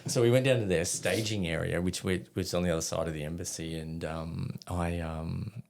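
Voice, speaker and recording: An Australian army veteran in his forties, telling a story as a podcast guest, animated and laughing as he acts out voices. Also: sits low, brisk, vocal fry. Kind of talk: casual storytelling.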